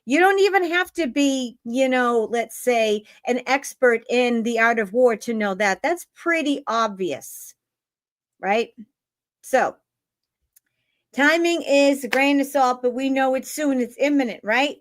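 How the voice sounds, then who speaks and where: A woman's voice: high-pitched, a little slow. Chatty, blunt woman streaming live. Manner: chatty, blunt, swears freely, keeps asking "right?". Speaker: tarot reader and livestream host. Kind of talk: casual live-stream monologue.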